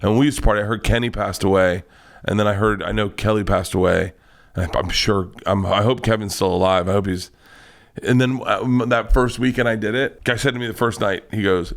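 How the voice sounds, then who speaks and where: A man who is a guest comedian, telling a rambling, profane story in casual chat, with quick restarts and lively retelling. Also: on the low side, vocal fry.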